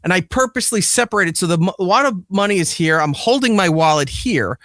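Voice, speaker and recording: A podcast host and father tells a casual story, swearing a lot and animatedly acting out the quoted lines. His voice sits high and moves fairly quickly, captured with studio quality and no echo.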